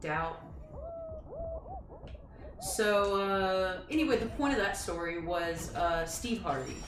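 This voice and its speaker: A woman streamer tells a long, rambling story in casual chat, chatty and full of fillers and asides. Her medium-pitched voice is unhurried, with background noise and faint music in an echoey room.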